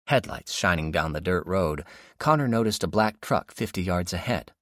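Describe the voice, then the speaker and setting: Man, audiobook narration, very low voice, steady storytelling, dry studio sound. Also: moderate pace, dry recording.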